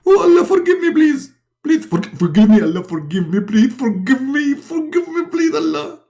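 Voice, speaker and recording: A man voicing a panicky, groveling grown man who pleads in a high, frantic voice. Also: sing-song, moderate pace, darkish tone, heavily acted. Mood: pleading. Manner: pleading, shrill, overexcited.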